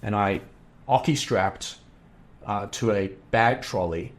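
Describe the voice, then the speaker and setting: A middle-aged Australian man sits in as a podcast guest and tells a long story in a casual, animated way. His voice sits fairly low, and he slips into the voices of the people he quotes. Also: takes it slowly. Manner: animated, acts out quoted dialogue.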